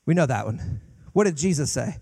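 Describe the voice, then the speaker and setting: A man, a guest pastor, preaching a sermon with passion, climbing to loud peaks and dropping to hushed lines. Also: a little high, lively intonation, moderate pace, vocal fry, slightly rough.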